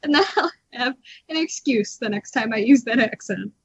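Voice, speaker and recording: A woman co-hosting a podcast, telling a story in lively casual chat, laughing often and acting out what people said. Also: on the high side, moderate pace, breathy edge. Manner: animated, laughs often, acts out quotes. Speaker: podcast co-host. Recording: dull lo-fi podcast audio.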